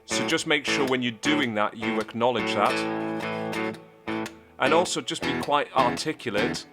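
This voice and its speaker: A man teaching a guitar piece in a relaxed, chatty way, with fillers as he explains and counts beats. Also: mid-range voice, measured pace. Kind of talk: casual instructional talk.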